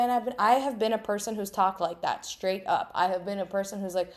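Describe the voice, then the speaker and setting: A woman hosts her own podcast in a casual solo monologue. She talks candidly and animatedly, swears freely and laughs at herself. She acts out the voices in her head with lively shifts. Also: medium pitch, a little fast, few pauses. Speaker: podcast host.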